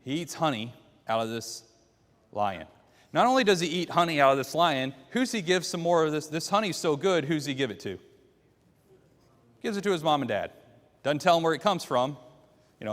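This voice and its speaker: A man's voice: a little high, very animated, normal speed, long pauses, fairly bright tone, long reverb tail. A man teaching a Bible class, walking listeners through the story by quizzing them with questions. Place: church classroom.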